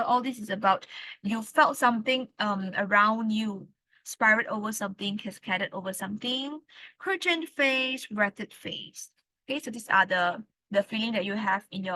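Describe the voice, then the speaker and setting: Woman English teacher; bright, fairly high voice; patient, repeats words. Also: dry recording, rough recording. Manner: explains slowly, repeats key words, says "all right" often. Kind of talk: classroom lesson.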